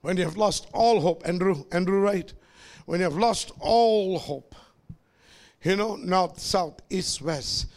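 A man with a very high voice preaches a fervent sermon. He repeats his lines for emphasis, calls on the congregation to respond, and rises into shouts. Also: slow pace. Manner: impassioned preaching that swings into shouting.

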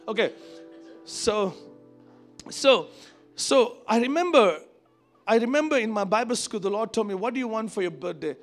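A pastor from Asia preaches to his church in a high, gravelly voice. He tells his story in a lively, chatty way and acts out the voices he quotes. Soft music plays faintly behind him. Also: normal speed, long pauses. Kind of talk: sermon with personal storytelling. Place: church service before a congregation.

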